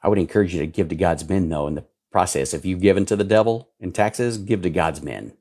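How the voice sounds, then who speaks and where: A male pastor preaching fervently and answering viewer questions, swinging between low mutters and loud outbursts. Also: fast talker.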